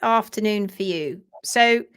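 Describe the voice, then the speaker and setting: A woman's voice: mid-range voice, unhurried, fairly bright tone, smooth. A woman hosting a casual livestream, chatting in a bubbly way and greeting viewers by name as she reads out their comments. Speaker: livestream host. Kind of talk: casual live chat, reading out viewer comments. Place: at home, based in France.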